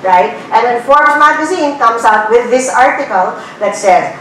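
A Filipino woman with a high voice lectures a class, blunt and lively, throwing out rhetorical questions. She is picked up from far off in a very echoey room, with a faint rumble underneath. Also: moderate pace, few pauses. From Philippines. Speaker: guest lecturer. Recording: very echoey room recording from afar.

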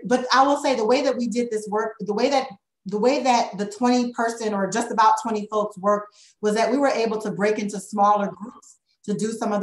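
A woman consultant answers board members' questions at a meeting, thinking aloud with fillers and "right?" tags. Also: medium pitch. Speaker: consultant presenting to a school board. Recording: echoey meeting room.

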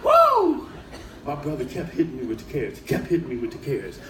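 A man doing stand-up comedy to a live audience, animated and bursting into shouted punchlines. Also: mid-range voice, very fast, noisy background. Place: cruise ship showroom, live audience. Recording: echoey room, far mic, crowd laughter.

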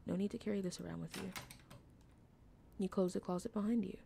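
A woman's voice: mid-range voice, fairly even intonation, fairly quick, gravelly, warm tone, a little hiss or hum. A woman streamer reading a visual novel aloud, adding playful asides between lines. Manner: reads game text aloud with playful asides. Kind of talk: casual game narration.

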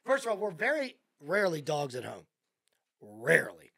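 A man's voice: a little high, huge pitch swings, moderate pace, vocal fry, fairly bright tone, slightly rough. A man co-hosting a sports talk show, getting worked up and firing off exclaimed questions. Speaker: co-host.

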